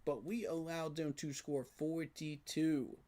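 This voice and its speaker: A man's voice: a little high, steady tone, a little slow, warm tone. A man giving a frustrated, emphatic postgame reaction rant, repeating his points for emphasis. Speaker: sports fan commentator.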